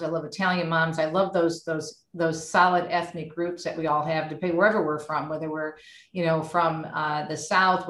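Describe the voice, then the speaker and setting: A middle-aged American woman, a radio host, telling stories in an outspoken, animated way during a casual faith chat. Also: deep voice. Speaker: radio host and author, guest. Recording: roomy echo.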